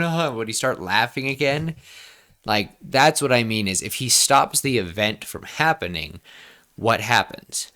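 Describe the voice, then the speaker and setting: A man in his twenties co-hosting a podcast, brainstorming in a rambling, excitable way with lots of restarts. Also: fairly low pitch, moderate pace. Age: 20s. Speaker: podcast co-host. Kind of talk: casual brainstorming chat.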